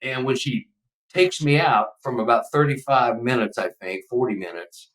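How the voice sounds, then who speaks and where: A man's voice: medium pitch, normal speed, a bit bright, far from the mic, rough recording. A man in his seventies from Texas, a podcast guest telling a personal story in a casual, emotional, rambling way.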